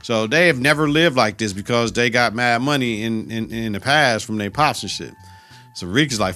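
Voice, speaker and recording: A man's voice: medium pitch, brisk, pushed and bright, faint music behind. A man hosting a podcast, retelling a TV episode in a casual, profane, slang-filled way. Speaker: podcast host.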